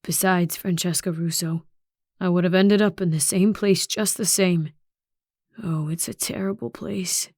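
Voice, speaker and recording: A woman voicing a weary male ghost who speaks in quiet, somber musings in an audiobook. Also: fairly low pitch, fairly even intonation, unhurried, no echo, clean studio sound.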